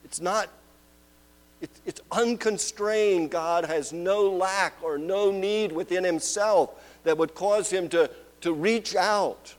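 A man preaching a sermon, moving between loud proclaiming and hushed, drawn-out questions. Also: high-pitched, poor audio.

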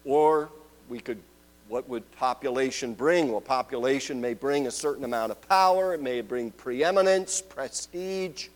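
A man preaching a sermon, moving between loud proclaiming and hushed, drawn-out questions. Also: mid-range voice, low-quality recording.

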